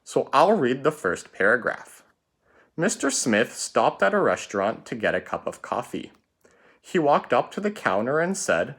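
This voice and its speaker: Lively man teaching a writing lesson. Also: medium pitch, moderate pace. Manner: patient, step-by-step explaining with frequent "right?". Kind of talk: recorded writing lesson for students.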